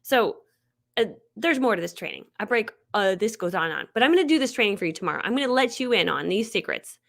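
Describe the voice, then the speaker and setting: A woman giving a live online marketing training, talking fast and getting excited, with bubbly energy. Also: mid-range voice, creaky.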